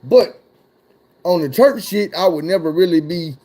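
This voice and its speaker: A man telling a profane, animated personal story in casual talk. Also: sits high, normal speed. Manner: profane, animated, acts out voices.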